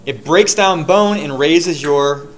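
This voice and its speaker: A man teaching a class, lecturing and quizzing his students with rapid questions and answering them himself. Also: fairly high pitch.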